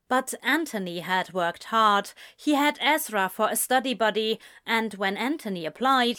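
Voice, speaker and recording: A woman reading a story aloud in measured, gentle scripted narration. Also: mid-range voice. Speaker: audiobook reader.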